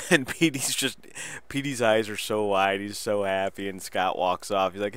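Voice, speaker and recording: A man hosting a wrestling podcast, talking through a casual solo review in a rambling, excitable way and swearing freely. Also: fairly low pitch, normal speed, clear, resonant tone.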